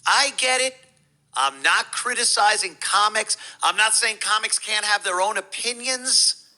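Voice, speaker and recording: A man's voice: high voice, expressive, measured pace, sharp tone, low-quality recording. A man giving a heated, profane, mocking reaction commentary.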